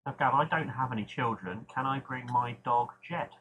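A man's voice: mid-range voice, normal speed, a bit bright, highs cut off. A man co-hosting a podcast, plainly announcing the next segment. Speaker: podcast co-host. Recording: audible hum.

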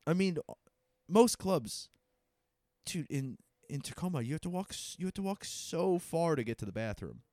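A man, a stand-up comedian co-hosting a podcast, telling stories in casual, profane, animated chat. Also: fairly high pitch, normal speed, dry recording, clean studio sound.

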